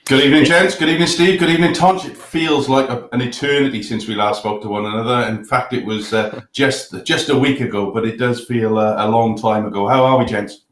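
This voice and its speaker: A man's voice: medium pitch, steady tone, fairly quick, reverberant, a little hiss or hum. A man co-hosting a football podcast, joking and bantering. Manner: jokey, banter-loving. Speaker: podcast co-host.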